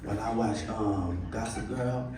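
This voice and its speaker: A man's voice: lowish voice, a little slow, a little hiss or hum. A man performing a stand-up comedy set, telling stories animatedly and acting out the voices of people in them. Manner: animated storytelling, acts out quoted voices. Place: comedy club stage. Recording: echoey venue, distant mic, loud crowd.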